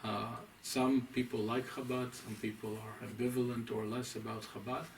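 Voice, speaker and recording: A man, a rabbi, giving a deliberate, emphatic, scholarly lecture to a small audience. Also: mid-range voice, little pitch movement. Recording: distant mic, faint room noise.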